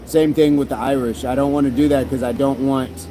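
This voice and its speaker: Mellow-voiced man chatting through a workout. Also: mid-range voice, fairly even intonation, brisk, slight background noise. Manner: reads viewer comments aloud and answers them warmly; encouraging and upbeat. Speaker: fitness livestream host. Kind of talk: casual live chat while working out.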